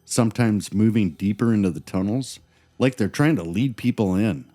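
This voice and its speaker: A man with a very deep, mellow voice co-hosts a scripted paranormal podcast. He tells ghost stories with dramatic pauses and a playful, teasing edge. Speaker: podcast co-host.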